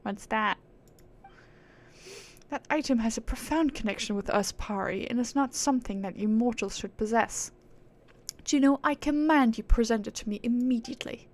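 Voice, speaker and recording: A proud, otherworldly female spirit from a fantasy game, talking down to mere mortals in a put-on British accent, played by a woman reading her lines. Her manner is lofty and theatrical. The tone sits a little high with a gravelly fry underneath. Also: normal speed, close to an everyday voice. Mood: haughty. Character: haughty divine female spirit, aloof and grandiose.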